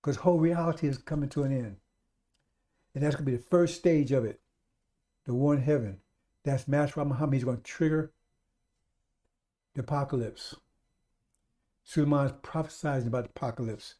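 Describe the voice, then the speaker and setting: A man's voice: medium pitch, moderate pace, pauses often, warm tone. Emphatic, repetitive male radio preacher. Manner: repetitive, emphatic exhortation to brothers and sisters. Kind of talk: live-streamed radio sermon.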